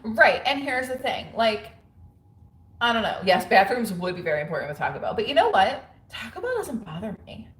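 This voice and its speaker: A woman's voice: on the high side, big pitch swings, fairly quick. A woman in her thirties hosting a casual livestream, chatting frankly with viewers, laughing often and using lots of fillers. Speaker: livestream host. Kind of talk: casual livestream chat reading viewer comments. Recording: roomy echo.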